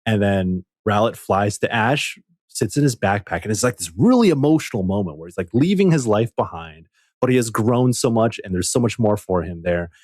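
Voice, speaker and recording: Man, podcast co-host, lively pitch, dry close sound, excitable storyteller. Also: normal speed, dry recording. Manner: animated, excitable storytelling, swears. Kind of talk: casual chat.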